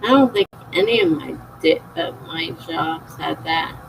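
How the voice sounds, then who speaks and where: Slow gravelly woman with a South Jersey accent. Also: deep voice, noisy background. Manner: slow, gravelly delivery with frequent laughs. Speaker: writer streaming live writing sprints. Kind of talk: casual livestream chat, reading out viewer comments.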